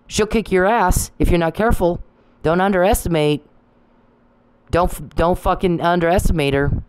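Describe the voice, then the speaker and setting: A woman's voice: fairly low pitch, moderate pace, a little mellow, clear, resonant tone, no room sound, rough recording. A woman talking in an angry, rambling monologue, combative and profane, with frequent restarts.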